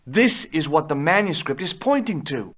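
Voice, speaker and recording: Casual adventurer. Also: male voice, fairly high pitch, sing-song, moderate pace, a bit bright. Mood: inquisitive. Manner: casual, dry and inquisitive. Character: curious young American adventurer narrating his tale. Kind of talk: video game voice acting.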